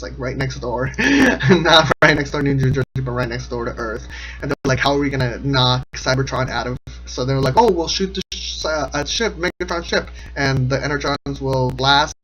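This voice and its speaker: A man's voice: mid-range voice, fairly bright tone, rough recording. A man giving a casual, rambling comedic recap of a cartoon episode, sarcastic and often laughing. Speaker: episode commentator.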